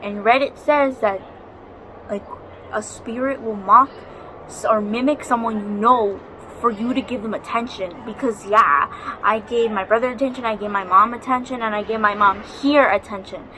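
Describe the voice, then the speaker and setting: A woman's voice: on the high side, normal speed, sharp tone, slight background noise, low-quality recording. A young woman vlogging at home, telling a ghost story in a chatty, dramatic way and swearing freely. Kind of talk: casual storytelling vlog. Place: home, near a balcony.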